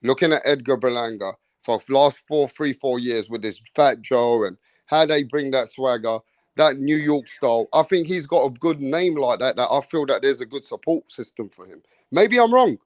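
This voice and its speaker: A man's voice: medium pitch, animated, moderate pace, dry recording. Questioning man in boxing chat. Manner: questioning, seeks agreement.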